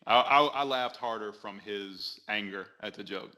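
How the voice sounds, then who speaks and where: A man talking as a podcast guest in casual chat, relaxed and rambling with frequent restarts. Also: lowish voice, moderate pace, slight background noise.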